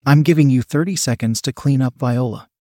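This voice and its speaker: A man's voice: medium pitch, fairly quick, dark tone, dry recording, studio quality, natural voice. A man voicing a bossy male character who gives curt orders with disdain. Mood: commanding. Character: commanding man playing a stern master.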